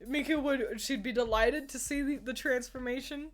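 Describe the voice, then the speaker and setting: Faint music plays behind a young woman whose voice sits high at a normal speed. Streaming casually, she ranks characters, giggles a lot, and keeps addressing her chat.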